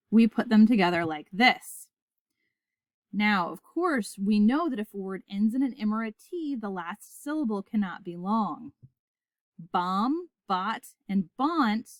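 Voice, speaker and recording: A woman gives a Latin grammar lesson in a clear, deliberate voice, spelling out each form slowly enough to repeat back. Her voice sits in a middle register for a woman. The sound is dry and close, with no room around it. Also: mid-range voice, dry recording. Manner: clear, deliberate, recites forms aloud for listeners to repeat. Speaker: Latin teacher. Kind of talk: scripted lesson narration.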